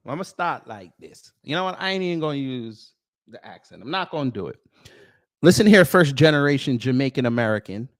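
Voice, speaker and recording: Animated male host, slangy and scolding, lively pitch, dry close sound. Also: no room sound. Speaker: commentary channel host. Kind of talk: heated reaction commentary.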